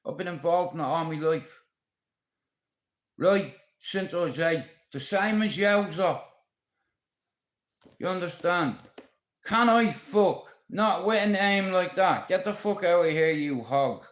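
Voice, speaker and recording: A man's voice: high voice, takes it slowly, pauses often, reverberant. A man with a Dublin accent, vlogging in a brash, rambling, sweary way. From Ireland. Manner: brash, sweary, puts on voices for bits. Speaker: YouTube vlogger. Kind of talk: rambling casual vlog.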